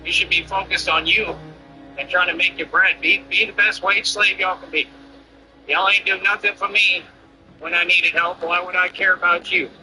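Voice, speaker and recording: A man's voice: sits high, steady tone, moderate pace, pushed and bright, soft background music, poor audio. A man streamer ranting defiantly and boastfully over his gameplay. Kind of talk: livestream rant over gameplay.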